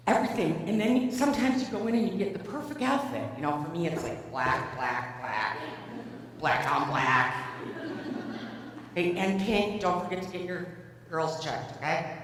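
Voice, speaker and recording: A middle-aged woman delivers a funny motivational keynote, teasing herself and acting out little scenes. Her voice booms around a cavernous hall with a long echo, caught from well back on the mic over a faint hum. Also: far from the mic. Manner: playful, self-mocking storytelling with acted-out dialogue. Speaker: keynote speaker. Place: large conference hall.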